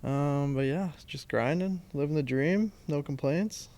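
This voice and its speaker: A man's voice: on the high side, measured pace, dark tone. A young man, a pro golfer, answering interview questions in a laid-back, self-deprecating way. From Canada. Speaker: professional golfer guest. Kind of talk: casual interview chat.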